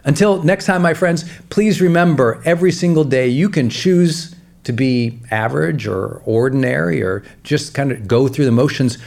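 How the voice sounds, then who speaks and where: A man's voice: mid-range voice, moderate pace, creaky. A man hosting a podcast, thanking listeners and earnestly asking them to join his program. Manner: earnest, warm thanks, direct appeal to listeners. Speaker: podcast host. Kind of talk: podcast outro and promo. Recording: soft music behind.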